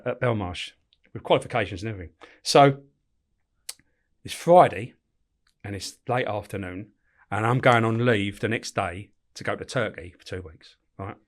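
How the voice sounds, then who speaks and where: In this podcast interview, an ex-prison officer recounts anecdotes with plenty of swearing and animated impressions of voices. His voice is lowish and his pace moderate.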